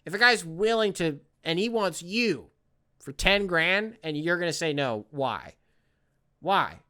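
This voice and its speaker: Excitable, profane man hosting a podcast. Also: on the high side, unhurried. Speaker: podcast host. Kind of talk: casual solo commentary.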